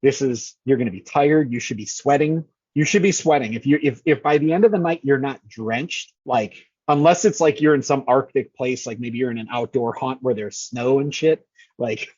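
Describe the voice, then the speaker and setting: A man's voice: mid-range voice, expressive, normal speed, a little mellow, breathy edge, no echo, muffled recording. A man who manages scare actors, talking casually and energetically in an interview, swearing freely and acting out lines.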